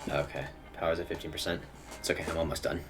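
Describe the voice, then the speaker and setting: Young man, deep voice, casual game-stream commentary, mutters and chuckles, faint music behind. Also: flat delivery, quick pace, a bit bright. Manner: mutters to himself, chuckles often. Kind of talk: casual live gameplay commentary.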